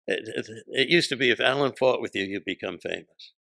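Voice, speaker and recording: A man's voice: medium pitch, lively intonation, a little fast, creaky, sharp tone, dry recording. An older man, a comedian guest, telling punchy, profane anecdotes and acting out voices in an interview. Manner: punchy, profane, acts out voices in his stories.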